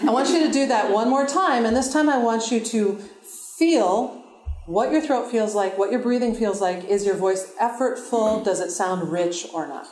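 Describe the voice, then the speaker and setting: A woman voice coach with a slightly high, darkish voice runs a live workshop at normal speed, upbeat and encouraging as she instructs the group. The large room echoes, and audience voices can be heard.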